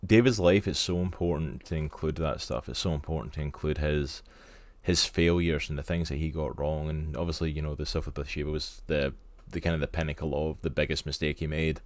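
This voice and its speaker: A man's voice: very deep voice, fairly even intonation, brisk, few pauses, no room sound. A Scottish man co-hosting an interview, talking earnestly in a rambling way with lots of fillers. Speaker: podcast co-host. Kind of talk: casual interview chat.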